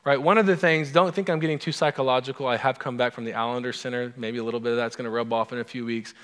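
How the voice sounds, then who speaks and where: A man's voice: a little high, a bit bright. Man, pastor, conversational sermon, asides to the room, long church reverb. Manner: conversational, self-interrupting storyteller with asides to the congregation.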